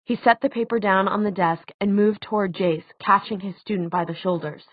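A woman's voice: medium pitch, steady tone, a little fast, dry recording. Woman reading an audiobook, phone-like tinny audio, dead dry. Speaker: audiobook narrator. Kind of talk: scripted narration.

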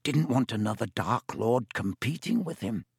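A man voicing a stout, stubborn schoolboy who talks slowly and solemnly in a hushed, conspiratorial way. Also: mid-range voice, lively intonation, gravelly, breathy edge, no echo, clean studio sound, heavily acted. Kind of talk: audiobook character voice.

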